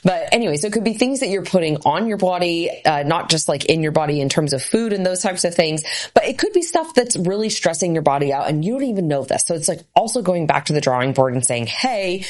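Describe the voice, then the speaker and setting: A woman with a slightly low voice talks through health topics on a casual podcast. She explains things quickly and conversationally, with plenty of fillers along the way. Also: lively intonation, a little mellow. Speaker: podcast host, health practitioner.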